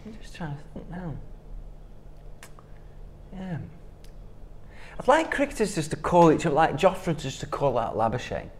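A man's voice: on the high side, big pitch swings, a little slow, long pauses, a little hiss or hum. Chatty, laughing English man. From England. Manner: banter, laughing often, drops into mock tough-guy quotes. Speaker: podcast co-host. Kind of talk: casual chat.

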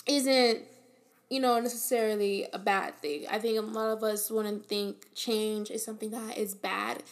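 A woman with a slightly high voice speaks in an earnest, encouraging tone, delivering a motivational monologue as a podcast host. She talks casually, with fillers, and repeats her key phrases for emphasis.

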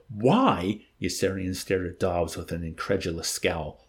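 A man's voice: deep voice, measured pace, few pauses. A man reading a novel aloud and acting out its dialogue, then chatting about the chapter. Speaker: book club reader.

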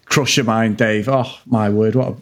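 A man's voice: on the low side, fairly even intonation, normal speed. A man in his forties, co-hosting a casual film chat podcast, rambling with plenty of swearing. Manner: rambling, swears freely, frequent laughs. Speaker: podcast co-host.

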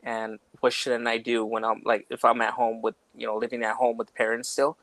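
A man's voice: mid-range voice, completely flat delivery, brisk, a bit bright, no echo. A man co-hosting a podcast, chatting casually in a rambling way, full of "like" and "you know". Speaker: podcast co-host. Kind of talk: casual chat.

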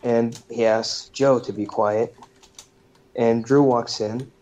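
A man's voice: mid-range voice, steady tone, slow pace, mellow. A man hosting a podcast, casually recapping a movie's plot in a loose, profane way with lots of fillers. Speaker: podcast host. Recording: dull lo-fi recording.

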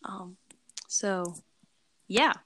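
A woman's voice: medium pitch, drawn-out words, fairly bright tone, no echo. A woman co-hosting a casual podcast, rambling with many fillers and teasing her partner. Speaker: podcast co-host. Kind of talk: casual chat.

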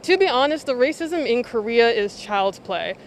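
A man's voice: very high-pitched, lively intonation, moderate pace, a little hiss or hum. A man giving a frank, reflective opinion as an interviewee. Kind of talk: candid opinion.

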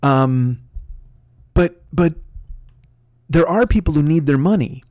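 High-voiced man in a heated profane rant. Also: animated, takes it slowly, a little mellow, dry recording, clean studio sound. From United States. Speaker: podcast host. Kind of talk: ranting monologue.

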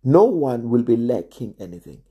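A man preaching a sermon in a slow, measured way, sometimes dropping almost to a hush for emphasis. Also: medium pitch, sing-song, slightly rough. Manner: slow and measured, drops to near-quiet emphasis.

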